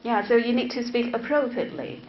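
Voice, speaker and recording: A woman professor whose first language is Chinese gives a classroom lecture to teachers, often repeating words and checking in with "right?". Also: on the high side. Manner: slow, deliberate, interactive with the audience. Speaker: English teacher-educator, professor. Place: lecture room. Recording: echoey, slightly dull room recording with faint noise.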